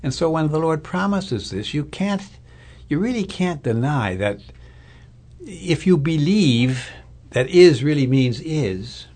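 A man's voice: mid-range voice, darkish tone, slightly rough. A man preaching a sermon as a pastor, in a conversational, thoughtful way with fillers and restarts. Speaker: Lutheran pastor or Bible teacher.

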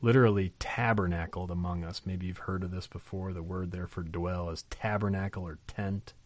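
A man hosting a podcast Bible lesson, animated in talk and reading scripture slowly and weightily. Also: sits low, no echo.

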